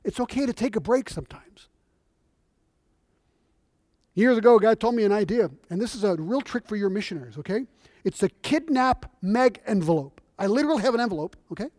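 A middle-aged man preaches with a notably high voice, animated and conversational as he tells stories. The sound is dry and close. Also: fairly quick, no room sound. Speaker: visiting missionary preacher. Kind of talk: sermon. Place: church.

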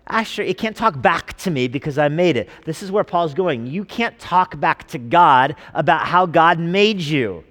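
A man's voice: on the high side, lively intonation, normal speed, fairly bright tone, long reverb tail. A male pastor preaching a sermon in a conversational way, with jokes and rhetorical questions, in a church sanctuary.

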